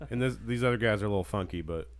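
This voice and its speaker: Low-voiced joking man. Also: racing. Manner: jokey, bursts of loud laughter. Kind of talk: casual chat.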